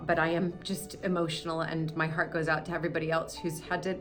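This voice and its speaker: A woman's voice: low-pitched, flat delivery, fast, soft background music. An American woman filming a casual vlog from behind the camera in a cellar, talking in an emotional, rambling, apologetic way. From United States. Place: house cellar. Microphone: handheld camera.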